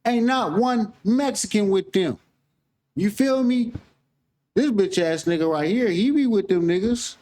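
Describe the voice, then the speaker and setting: A man's voice: sits high, lively intonation, a little slow, mellow. A man from San Francisco hosting a reaction show, talking casually with heated, profane disbelief.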